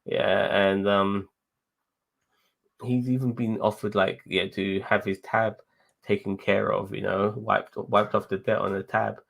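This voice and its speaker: A man's voice: lowish voice, little pitch movement, measured pace, vocal fry, fairly bright tone. A man co-hosting a show, chatting casually in a rambling way, with lots of swearing and laughter. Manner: profane, rambling, laughs while talking. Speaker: podcast co-host. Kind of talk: casual chat.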